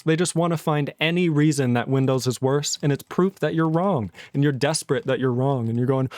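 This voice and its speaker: Male streamer, slightly high voice, dry close mic, sarcastic and exasperated, swears a lot. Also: a little fast, hardly any pauses, a little mellow, dry recording. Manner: exasperated, sarcastic, swears often, mocks others in put-on voices. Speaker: livestreaming programmer. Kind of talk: ranting casual stream talk.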